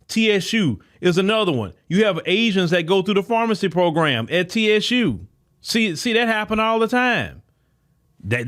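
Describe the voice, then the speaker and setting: A man's voice: sits high, fairly bright tone. A man, hosting a podcast and delivering an emphatic political commentary monologue full of rhetorical questions. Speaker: podcast host.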